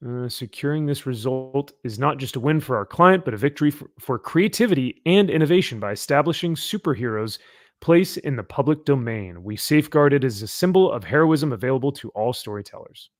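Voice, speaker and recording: A man hosting a casual comic-book chat podcast, animated and quick to laugh. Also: medium pitch, no echo, clean studio sound. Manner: animated, laughs often, jokey asides. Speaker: podcast host.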